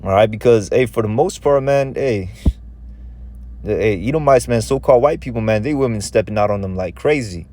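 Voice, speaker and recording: A man's voice: fairly low pitch, brisk, a little mellow. A man giving a casual, conversational scripture lesson in a loose, repetitive way of talking. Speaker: religious teacher.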